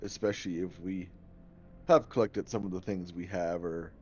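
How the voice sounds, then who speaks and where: Low-voiced rambling man at the game table. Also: steady tone, normal speed, warm tone, lo-fi sound, slight background noise. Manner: rambling, many fillers, laughs often. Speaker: player. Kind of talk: casual tabletop game chat.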